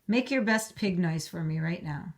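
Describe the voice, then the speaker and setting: A woman teacher reading a storybook aloud to young children, slow, clear and encouraging. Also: lowish voice, animated.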